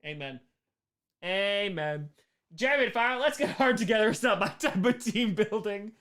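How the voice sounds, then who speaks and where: Joking man with a lively voice. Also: sits high. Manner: joking, laughs often, quick asides. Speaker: livestream host. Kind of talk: casual chat reading viewer messages.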